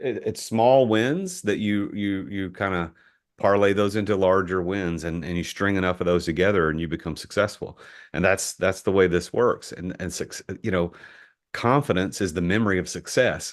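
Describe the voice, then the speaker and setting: A middle-aged man from the US, a podcast guest telling a business story in an animated way, often repeating words as he starts a sentence. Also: sits low. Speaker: entrepreneur guest.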